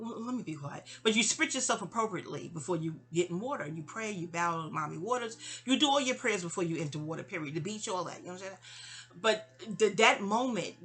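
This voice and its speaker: Brief: bright-voiced woman, rambling personal storyteller, stammering restarts, side asides. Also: fairly low pitch. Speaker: memoir storyteller.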